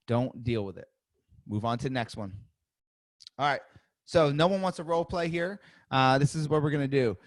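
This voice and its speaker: A man hosting a live sales-coaching webinar. He talks in a lively, chatty way, laughs often and acts out sample phone calls and voicemails. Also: mid-range voice, moderate pace, dry recording, studio quality.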